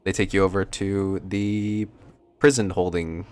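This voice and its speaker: A man with a very low voice narrates as game master at an unhurried pace. He stops often to search for words, filling gaps with ums and uhs. It sounds like a casual tabletop session. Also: flat delivery, darkish tone, clear, resonant tone. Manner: slow, halting, many ums and uhs.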